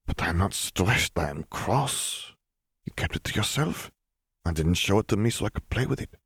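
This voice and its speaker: Man reading young pregnant French witch, teasing, sharp-tongued, murmured scolding, low voice, dry audiobook sound. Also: lively intonation, normal speed, breathy edge, no echo, full character voice. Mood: teasing, cross.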